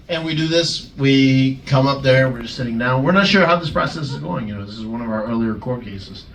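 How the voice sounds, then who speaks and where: A man on a podcast telling an animated wrestling story, chuckling and slipping into other people's voices. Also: medium pitch, brisk, slight background noise. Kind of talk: casual storytelling. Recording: echoey, distant mic, faint background ambience.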